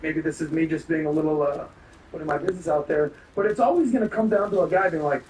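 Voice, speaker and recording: High-voiced man riffing opinions in a roomy space. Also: quick pace, darkish tone. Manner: opinionated, rambling, jokey asides. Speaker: podcast co-host. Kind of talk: casual chat. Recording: roomy, distant mic with background noise.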